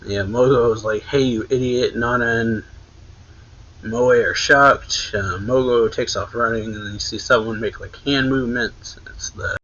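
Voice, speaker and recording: A man's voice: medium pitch, steady tone, measured pace, bright, forceful tone, lo-fi sound. A man casually recapping a manga chapter for a reaction channel, rambling along with lots of "like" and self-corrections. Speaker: anime reaction channel host.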